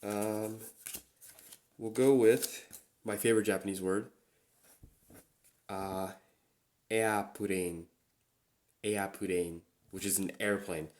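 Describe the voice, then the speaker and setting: A man hosting a relaxed solo chat, slowly repeating Japanese words as he teaches them. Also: lowish voice. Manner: relaxed, slow and repetitive when pronouncing words. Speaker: podcast host.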